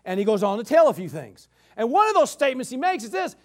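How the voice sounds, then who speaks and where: A man's voice: very high voice, very animated, quick pace, hardly any pauses. A man preaching a sermon, emphatic, asking rhetorical questions and calling out amen. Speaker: pastor.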